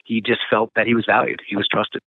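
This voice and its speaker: A man's voice: fairly low pitch, level tone, brisk, gravelly, slightly rough, dry recording. A man, a nonprofit founder, telling stories in an interview, rambling with many fillers and restarts. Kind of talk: conversational storytelling. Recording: dry tinny phone line.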